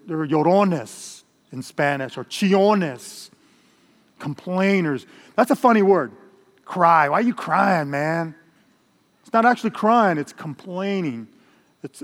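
An older man preaching a sermon as pastor, in a conversational style with Spanish asides. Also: high voice. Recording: long hall reverb.

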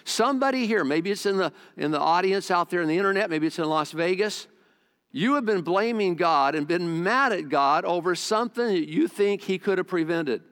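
A middle-aged man preaching a sermon as a pastor, earnest and conversational, often repeating himself and speeding up or slowing down. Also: high voice, expressive, a bit bright, smooth. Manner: earnest, repetitive, conversational preaching with shifting pace. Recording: long hall reverb.

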